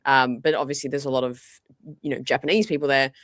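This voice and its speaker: A woman's voice: extremely low pitch, no echo, studio quality. A woman guest on a podcast, chatting casually and animatedly, with lots of fillers and restarts. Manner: animated, fast, full of likes and restarts.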